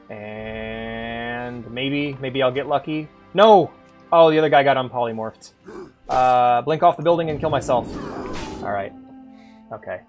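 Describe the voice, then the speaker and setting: A man streaming a game and chatting casually, loud and animated, swearing and laughing as he plays. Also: mid-range voice. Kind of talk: casual gaming stream chat.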